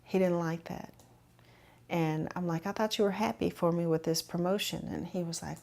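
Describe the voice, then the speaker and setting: A woman telling her own story in a measured, reflective way with frequent fillers. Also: on the low side, steady tone, creaky, darkish tone. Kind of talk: personal testimony.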